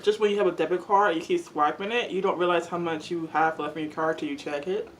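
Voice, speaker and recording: A woman's voice: lowish voice, fairly even intonation, quick pace, slight background noise. A young woman in a casual, rambling chat while she eats, using "like" a lot. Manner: chatty, rambling, lots of "like". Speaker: mukbang vlogger.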